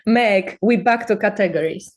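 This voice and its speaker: A woman chatting casually on a video call, teasing a friend, swearing freely and laughing often. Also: medium pitch. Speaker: co-host.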